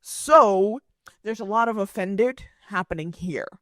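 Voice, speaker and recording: A young woman hosting a podcast, telling a story in a sassy, animated way with playful asides. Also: mid-range voice, a little slow, dry recording, studio quality. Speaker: podcast host.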